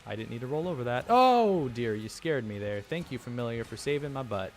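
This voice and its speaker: A man's voice: medium pitch, quick pace, faint music behind. A young man casually commenting on his own gameplay, rambling and self-deprecating, with chuckling asides. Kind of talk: casual let's-play commentary.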